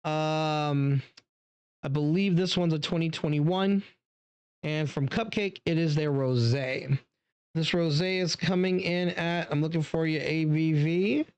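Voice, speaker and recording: Casual wine-tasting host, easygoing and talkative, mid-pitched voice, close and dry sound. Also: measured pace, smooth, no room sound. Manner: chatty and relaxed, many fillers, talks straight to viewers. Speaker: wine reviewer.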